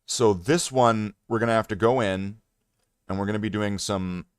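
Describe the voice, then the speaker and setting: A man's voice: lowish voice, moderate pace, clear, resonant tone, dry recording, clean studio sound. A man chatting casually on a hobby live stream, rambling and joking at himself with many fillers and restarts. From Canada.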